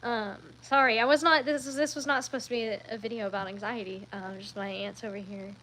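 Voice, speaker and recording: A woman chatting casually on a live stream, rambling along with frequent ums and quick self-corrections. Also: a little high, fairly even intonation, fairly bright tone, slight background noise, low-quality recording. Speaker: livestreamer.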